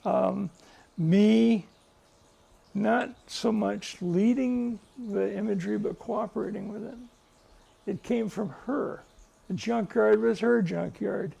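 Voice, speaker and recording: A man's voice: sits high, steady tone, slow pace, gravelly, dark tone, breathy edge. An older male psychologist telling stories to a live group, earnest and emphatic, often restarting his sentences. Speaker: psychologist and guest speaker. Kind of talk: speaking to a live group, storytelling.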